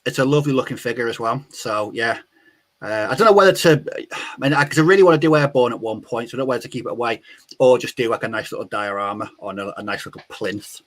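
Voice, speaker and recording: A man chatting on a podcast, unhurried and trailing off at the ends of sentences. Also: medium pitch. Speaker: podcast co-host. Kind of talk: casual chat.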